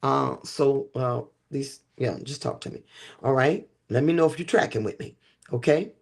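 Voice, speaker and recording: A man's voice: mid-range voice, normal speed, vocal fry. A man hosting a livestream teaching talk, with a preacher-like cadence, drawing out key words and checking in with listeners. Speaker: host.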